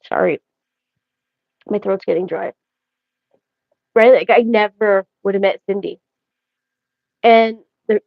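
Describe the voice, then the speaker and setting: A woman's voice: mid-range voice, dry recording. A woman hosting a casual livestream, rambling and joking as she talks straight to her viewers. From Canada. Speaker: livestream host. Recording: dry, dull lo-fi audio.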